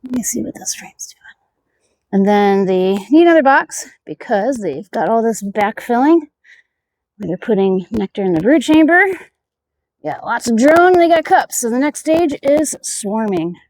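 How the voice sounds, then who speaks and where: A woman with a slightly high voice talks her way through a beehive inspection outdoors. She chats casually and mutters asides half to herself. She also speaks to the bees directly. Her voice sounds dry and close, with little room around it. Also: very animated, measured pace, a little mellow, no room sound. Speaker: beekeeper. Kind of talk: casual narration of a hive inspection.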